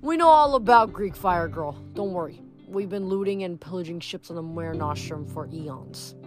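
A boastful, scornful male pirate villain with a resentful edge, as a woman reading a novel aloud puts him on. The voice sits a little low, and faint music plays behind it. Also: expressive, moderate pace, lightly acted. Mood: mocking. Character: proud bitter male pirate son of Medusa.

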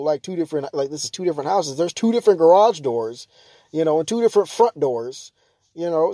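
A young man rants in a loose, casual way, piling on fillers and restarts. He keeps sliding into loud, mocking shouts before dropping back to a grumble. His voice sits a little high, and the recording is close and dry. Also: lively intonation, fairly quick, dry recording. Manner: ranting, exasperated, jumps to loud mock shouts. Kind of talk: casual rant to camera.

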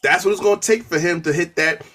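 A man co-hosting a podcast, talking wrestling in an excitable, slangy way with lots of laughter. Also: sits high, fast talker. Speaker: podcast co-host. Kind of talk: casual wrestling chat.

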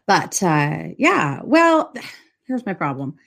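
A woman's voice: lowish voice, sing-song, slow pace, gravelly, a bit bright. A woman co-hosting a live podcast stream, chatting casually, laughing often and trailing off with fillers. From United States. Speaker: podcast co-host.

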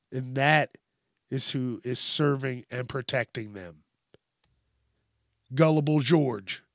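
A man's voice: medium pitch, slow, long pauses, no echo, clean studio sound. A man hosting a news commentary show, ranting in a profane, mocking way about news stories. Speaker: host.

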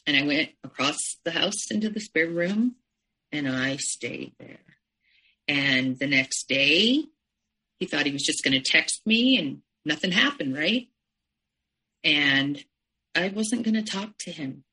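Husky-voiced woman telling a painful story. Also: low-pitched, lively intonation, bright, forceful tone, low-quality recording. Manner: halting, emotional, with restarts and frequent "you know". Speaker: interview guest. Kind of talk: personal storytelling in conversation.

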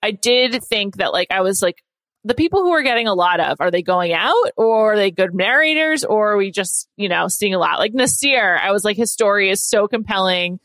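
A woman co-hosting a casual chat, talking in quick, chatty asides. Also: medium pitch, animated, a bit bright. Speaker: podcast co-host.

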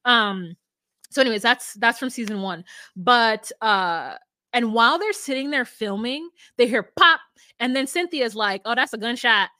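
A woman's voice: on the high side, measured pace, no echo, clean studio sound. A woman co-hosting a podcast, recapping a show in casual chat and acting out what people said. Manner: animated storyteller acting out quotes. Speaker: podcast co-host.

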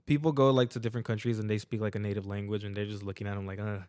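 Young man, podcast co-host, rapid speech, laughs often, restarts mid-sentence. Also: fairly low pitch, flat delivery, a little mellow. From El Salvador. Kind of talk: casual podcast chat.

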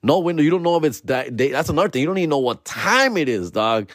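A man's voice: on the high side, expressive, quick pace, no room sound. Profane man, dry sound. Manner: profane slang-heavy storytelling mixed with Spanish. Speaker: podcast host. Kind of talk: casual storytelling.

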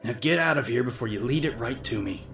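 A man voicing a grouchy, cowardly middle-aged male reporter, gruff and slow-spoken. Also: mid-range voice, animated, fairly bright tone, voice pushed up. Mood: smug. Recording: music bed under the reading.

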